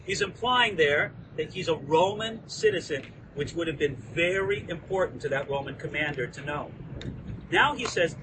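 A man teaching the Bible outdoors as a pastor, lively and acting out quoted lines. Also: a little high, moderate pace, distant mic, background noise. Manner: animated, acts out quoted lines. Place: outdoors within view of a landmark hill.

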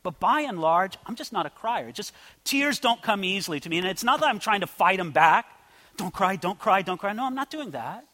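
A male pastor delivering a sermon with a high, bright, ringing voice. He swings from loud, impassioned declarations down to soft, near-whispered asides. The sound carries a long reverb from a large church hall. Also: very animated, fairly quick.

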